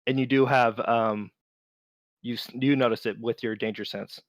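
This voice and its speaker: A man narrating as game master of a tabletop game, relaxed and unhurried, with many fillers. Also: mid-range voice, no echo, clean studio sound.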